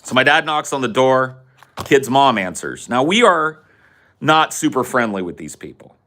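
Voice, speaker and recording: Guy on a podcast telling a funny story, bright forceful voice, swears a lot. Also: mid-range voice, moderate pace. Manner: animated, profane. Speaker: podcast host. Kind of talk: comedic storytelling.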